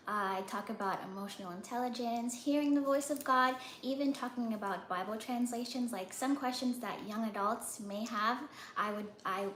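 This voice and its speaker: A young woman in her early twenties speaking very quietly, calm and gentle, as a guest in a casual interview. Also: mid-range voice. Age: early 20s. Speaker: guest, podcaster. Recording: echoey room with faint background noise.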